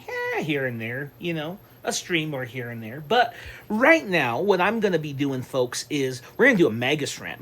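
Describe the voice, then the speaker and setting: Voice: medium pitch, a bit bright. A channel host delivering a heated, profanity-laden rant, swearing constantly and hammering the same point over and over. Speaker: online reviewer and channel host. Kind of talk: profane ranting vlog monologue.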